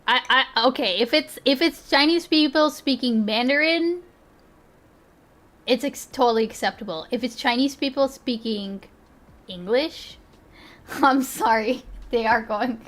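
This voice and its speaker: High-voiced woman streamer, chatty and halting. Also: fairly bright tone. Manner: self-interrupting, frequent restarts and laughs. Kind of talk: casual chat.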